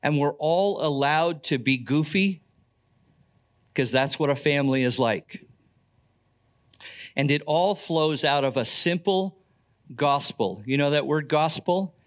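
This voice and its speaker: A man's voice: a little high, slow pace, long pauses. An older man preaching a sermon as pastor, earnest, with folksy asides and stories about family.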